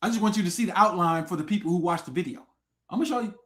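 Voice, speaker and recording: Rapid-fire, a high-voiced man rants on his livestream from a desk mic, loud, profane and taunting. He veers between shouting and low muttering and keeps daring viewers to come on and debate him.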